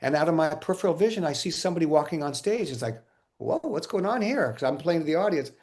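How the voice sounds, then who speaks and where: A man being interviewed, telling casual stories in an animated way, acting out quotes and often laughing. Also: on the high side, very fast. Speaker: interview guest, musician.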